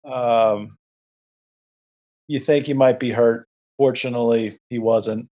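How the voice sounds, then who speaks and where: A man co-hosting a sports podcast, talking in a measured, hesitant way. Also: mid-range voice, fairly even intonation, dark tone. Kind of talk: casual sports chat.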